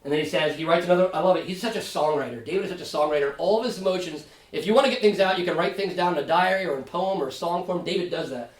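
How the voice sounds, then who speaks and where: Pastor guy teaching sunday school, kinda high voice, chatty, keeps asking "right?", echoey room mic far off. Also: rapid-fire, few pauses. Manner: conversational, often checks in with "right?". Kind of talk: casual Bible study teaching. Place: church classroom.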